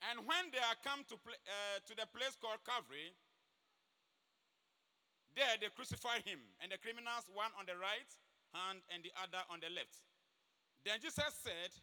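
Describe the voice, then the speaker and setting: Bright-voiced man preaching in an echoey hall. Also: high voice, moderate pace, pauses often, clear, resonant tone. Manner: emphatic, repeats key points. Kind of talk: sermon. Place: church.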